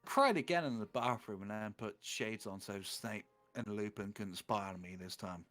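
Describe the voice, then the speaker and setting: A man reading a fan fiction aloud for laughs, acting out lines in a mock-dramatic way with loud exaggerated quotes and flat asides. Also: lowish voice, normal speed, soft background music.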